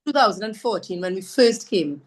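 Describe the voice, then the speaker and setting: A woman from Trinidad, a podcast guest telling her story in an animated, self-mocking way. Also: medium pitch, brisk. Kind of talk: storytelling conversation.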